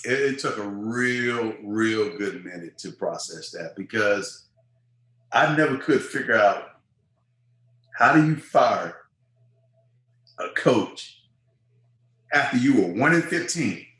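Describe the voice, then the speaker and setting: This man, a fifty-something ex-football player, spins animated stories in an interview, doing impressions of the people he quotes. He speaks slowly with long pauses in a lowish voice, and the room gives off a noticeable echo.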